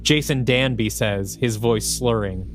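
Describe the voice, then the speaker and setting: A man co-hosting a podcast, narrating a story pitch in an animated, thinking-aloud way. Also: unhurried, soft background music. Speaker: podcast co-host.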